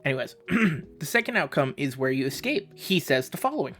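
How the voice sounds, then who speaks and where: Chill game theory host, jokey self-roasting tangents, quiet music behind. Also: mid-range voice, very animated, moderate pace. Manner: joking, self-deprecating, rambling asides. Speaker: channel host. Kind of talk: casual game theory commentary.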